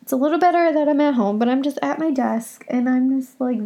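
A woman's voice: high voice, moderate pace, hardly any pauses, a little mellow. A young woman hosting a solo podcast from home, talking in a rambling, emotional, confessional way. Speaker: podcast host.

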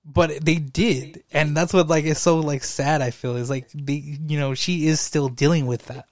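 Excitable swearing man, slightly high voice. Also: moderate pace, dry recording, clean studio sound. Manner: excitable, swears casually, laughs often. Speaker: podcast co-host. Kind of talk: casual chat.

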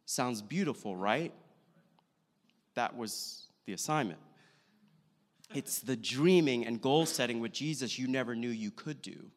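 A man, a pastor, preaching a sermon with a measured delivery and slow, deliberate emphasis. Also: mid-range voice, lively intonation. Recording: long hall reverb.

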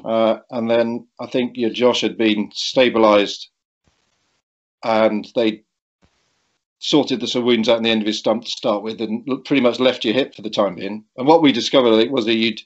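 Halting man telling a story. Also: on the low side, steady tone. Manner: halting, with frequent restarts and chuckles. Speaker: guest recounting a cycling accident. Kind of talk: conversational storytelling. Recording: dull lo-fi recording.

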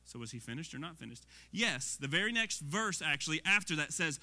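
A man preaching a sermon in a lively, conversational way, often asking the audience questions. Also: on the high side, fairly quick, hardly any pauses. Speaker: pastor. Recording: long hall reverb.

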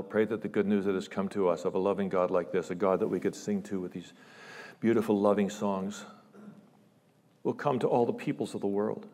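Male preacher, lowish voice, fervent sermon delivery with loud climaxes and hushed asides; large reverberant sanctuary. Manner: impassioned, swells loud on scripture quotes and drops to hushed asides. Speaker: guest preacher. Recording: long church reverb.

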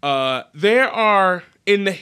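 Young male host for a loose entertainment chat show; bright, lively delivery full of jokes. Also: sits high, takes it slowly, clear, resonant tone. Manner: joking, animated storyteller who mimics voices. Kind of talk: casual podcast chat.

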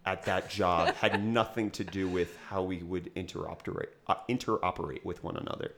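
A man's voice: low voice, steady tone, fairly quick, fairly bright tone. A young man chatting casually on a podcast, rambling with many fillers and restarts and often laughing. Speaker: podcast co-host, business owner.

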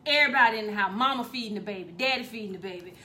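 A middle-aged woman telling a comic family story, profane and animated, with sudden loud bursts. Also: mid-range voice, rapid-fire, a little hiss or hum. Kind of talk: comedic storytelling.

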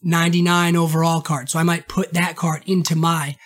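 Animated rambling man from Maine. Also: on the high side, a little fast. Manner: rambling, animated, swears, acts out quotes in a raised voice. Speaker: podcast host. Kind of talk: casual monologue.

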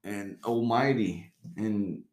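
A man's voice: on the low side, slow, a little mellow, roomy sound, pitched below the performer's own voice. A man doing an impression of a confused old male president, rambling in drifting non sequiturs.

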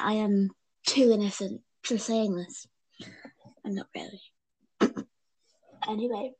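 A woman's voice: a little high, a little slow, long pauses, husky. Rambling young woman chatting. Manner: rambling, giggly, keeps saying "and then". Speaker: podcast co-host. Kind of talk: casual fan chat over a call.

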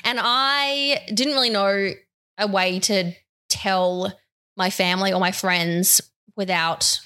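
A woman's voice: medium pitch, steady tone, slow pace, sharp tone, clear, resonant tone. A young woman chatting as a podcast host, speaking openly and from the heart and laughing often. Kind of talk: casual podcast chat.

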